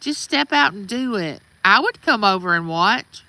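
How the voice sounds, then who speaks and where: A middle-aged woman with a Southern accent livestreams casually from outside her Mississippi home, addressing viewers by name. Her medium-pitched voice is animated and pushed and bright at a normal speed. There's no echo, though the recording is rough.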